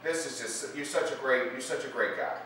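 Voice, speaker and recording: A man voicing a calm, sly male scorpion in a told parable, in a calm, persuading tone. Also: medium pitch, a little fast, close to an everyday voice. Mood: persuasive. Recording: echoey room, distant mic, faint noise.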